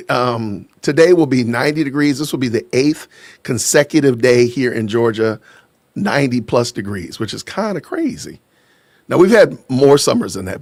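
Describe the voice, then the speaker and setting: Lively, jokey man from Illinois, dry sound. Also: mid-range voice, husky, dry recording. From Illinois, USA. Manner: lively and jokey, laughing often, greeting the chat. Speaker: livestream host. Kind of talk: casual live stream chat. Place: lives in Georgia, USA.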